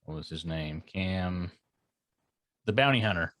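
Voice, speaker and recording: A man's voice: low voice, unhurried, a bit bright, no echo. A man co-hosting a podcast, chatting casually and musing aloud as he searches for names. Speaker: podcast co-host.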